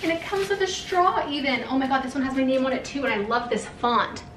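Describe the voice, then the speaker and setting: Young woman, vlogger, gushing, excitable, roomy sound, mic a little distant. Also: high voice, brisk, background noise. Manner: gushing, excitable, says "oh my god" often. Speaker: vlogger opening fan mail. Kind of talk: casual vlog chat, reading letters aloud.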